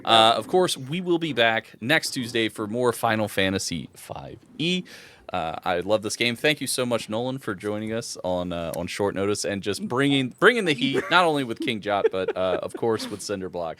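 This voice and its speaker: A man hosting a tabletop game stream, talking casually with his players. His pitch swings widely as he laughs and rambles through restarts. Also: big pitch swings, normal speed, a bit bright. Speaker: game master. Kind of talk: casual post-session chat.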